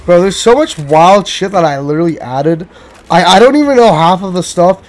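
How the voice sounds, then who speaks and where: Swearing young gamer, slightly high voice. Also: male voice, moderate pace. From Canada. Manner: profane, excitable, talks to himself. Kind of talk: casual gameplay commentary.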